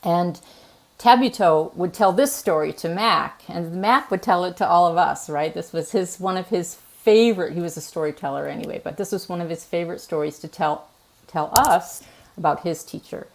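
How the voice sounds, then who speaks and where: Woman oboe player telling a funny story, lively, laughs a lot. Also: on the low side, moderate pace, gravelly. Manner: animated storyteller, laughs often. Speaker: oboist and host. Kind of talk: casual onstage chat. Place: museum performance space.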